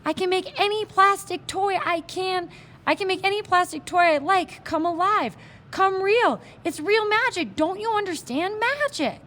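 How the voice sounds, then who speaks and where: A woman reading aloud, voicing an eager, excitable young boy. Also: on the high side, a little slow. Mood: excited.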